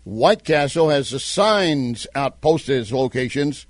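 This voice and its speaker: A man's voice: medium pitch, lively intonation, dry recording. A man with a Southern American accent hosting a talk radio show, reading sponsor spots and giving emphatic commentary. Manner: emphatic, repeats phone numbers slowly.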